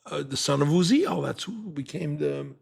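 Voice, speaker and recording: An older man teaching a Torah class, animated and fond of rhetorical questions, who acts out the people he quotes. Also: fairly high pitch, normal speed, creaky, slight background noise.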